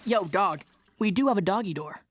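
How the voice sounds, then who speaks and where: A man's voice: high voice, animated, normal speed, heavy background noise. An actor playing a brash, slangy teenage boy who turns into a dragon, in a cartoon clip. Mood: cocky. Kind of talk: cartoon voice acting.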